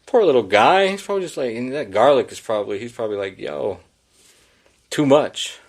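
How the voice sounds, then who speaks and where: A man's voice: medium pitch, big pitch swings, fast talker. A man hosting a solo podcast, reading headlines and riffing on them in a sarcastic, profane, rambling way. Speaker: podcast host.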